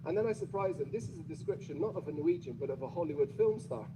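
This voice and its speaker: Man with a British accent, public speaker, playful and audience-teasing; slightly high voice, noisy playback. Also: lively intonation, fast talker. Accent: British English. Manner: chatty, playful, asks the audience questions. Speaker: conference speaker.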